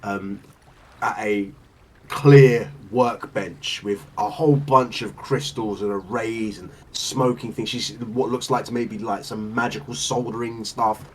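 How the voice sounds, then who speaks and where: A man's voice: lowish voice, steady tone, a little slow, husky, distant mic, rough recording. A man narrating as game master, rambling with lots of fillers and laughing as he describes scenes.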